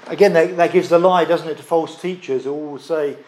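A man preaching a sermon, emphatic, stressing and repeating key phrases with pauses. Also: on the high side, steady tone, darkish tone.

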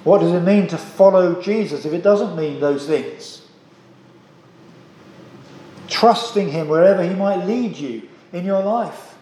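A male preacher delivers a sermon with earnest emphasis, posing questions to his listeners and repeating phrases for weight. His voice sits a little high, and it rings out in an echoey church room with faint ambient noise behind him. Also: measured pace, long pauses, dark tone.

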